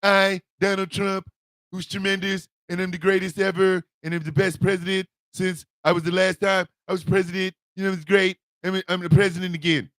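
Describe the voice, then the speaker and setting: A man doing a comic impression of a boastful, rambling male president who talks slowly and repeats his own praise. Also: sits high, flat delivery, a bit bright, no echo, pitched below the performer's own voice. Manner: slow, self-praising, repetitive. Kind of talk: stand-up style impression.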